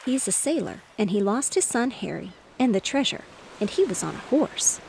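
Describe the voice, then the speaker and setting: A woman reading the part of an excited little boy in a bedtime storybook, her voice slightly raised and gravelly. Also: on the high side, moderate pace, slight background noise, poor audio. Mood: eager. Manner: excited, eager.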